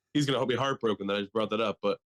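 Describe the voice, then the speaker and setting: A man's voice: on the low side, fast talker, a bit bright. Profane joking young man on a podcast. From Delaware. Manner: loose, profane and joking, slips into mocking impressions. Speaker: podcast co-host. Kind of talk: casual chat.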